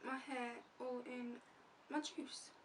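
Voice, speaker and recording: With a high-sitting voice and a level tone, a woman beauty vlogger takes her time chatting through a makeup tutorial and narrating each step. The sound comes from a distant mic with faint room noise.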